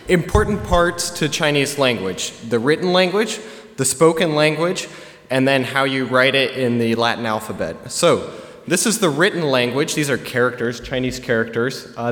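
A young man giving a relaxed, chatty presentation to a live audience, with plenty of filler words. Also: mid-range voice. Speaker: student presenter. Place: large hall with an audience. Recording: long hall reverb.

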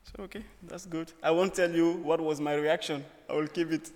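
A man's voice: a little high, little pitch movement, normal speed, background noise. Young man telling a story in a reverberant hall. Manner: earnest, humorous storytelling in short phrases. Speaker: student speaker. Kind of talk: personal story speech. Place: auditorium.

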